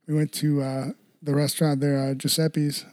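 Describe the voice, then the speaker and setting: A man's voice: a little high, little pitch movement, moderate pace, a little mellow. A man who is a fighter, telling rowdy, profane stories in a casual podcast chat. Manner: rowdy, profane storytelling with "bro" and "dude".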